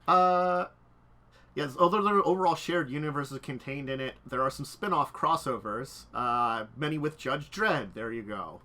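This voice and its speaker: A man with a fairly high, pushed, bright voice hosts a casual talk show about tabletop games. He rambles through digressions and laughs at his own jokes, recorded indoors near a street.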